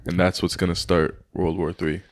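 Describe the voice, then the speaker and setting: A man with a very low voice co-hosting a casual podcast among friends. He speaks bluntly and matter-of-factly, stating his views flatly. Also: normal speed, no room sound. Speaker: podcast co-host.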